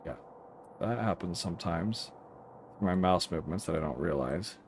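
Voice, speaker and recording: A man's voice: low-pitched, animated, moderate pace, a little hiss or hum. Rambling man giving radio calls. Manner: rambling, self-interrupting, gives radio calls mid-chat. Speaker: air traffic controller playing a simulator. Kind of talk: casual gameplay commentary.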